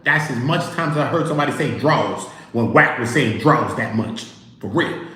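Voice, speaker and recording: A man's voice: medium pitch, normal speed, very echoey, rough recording. A man hosting a casual livestream, telling stories animatedly, acting out quotes and talking to his chat. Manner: animated storytelling, acts out quotes, talks to chat. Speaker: livestream host.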